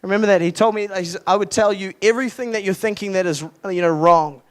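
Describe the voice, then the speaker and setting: A man's voice: high voice, quick pace. A young adult man, a youth pastor, giving a casual, earnest sermon at a retreat with lots of restarts and fillers.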